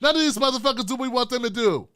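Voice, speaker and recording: A man's voice: very high-pitched, racing, bright, forceful tone, no echo. A man hosting his own show, delivering a heated political commentary rant full of constant swearing. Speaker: host.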